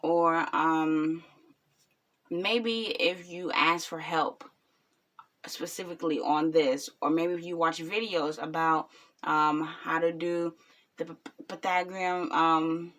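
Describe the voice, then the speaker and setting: A woman's voice: low voice, fairly even intonation, slow, fairly bright tone. A woman in her twenties, a new mother, talking bluntly and rambling with lots of ums in a casual reaction vlog. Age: 20s.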